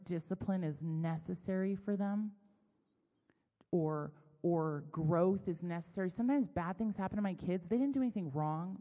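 A middle-aged woman giving a casual, self-deprecating sermon full of personal stories. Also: lowish voice. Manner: chatty, self-deprecating, animated storytelling. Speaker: speaker at a church gathering. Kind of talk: conversational sermon. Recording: long hall reverb.

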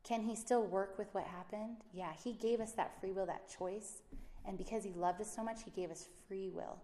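A woman, a Christian speaker and mother, giving a casual faith talk and acting out the voices she quotes. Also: mid-range voice. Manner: animated, acts out quoted voices. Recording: roomy echo.

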